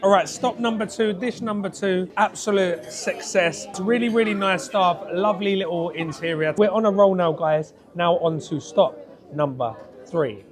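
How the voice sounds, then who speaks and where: A man's voice: high-pitched, normal speed, a crowd in the background. A British man hosting a casual food vlog, chatty and upbeat as he talks to camera. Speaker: food vlogger host.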